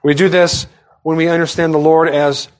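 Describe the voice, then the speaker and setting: A man as pastor, preaching a sermon with prayers and a scripture reading in a measured way. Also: on the high side, level tone.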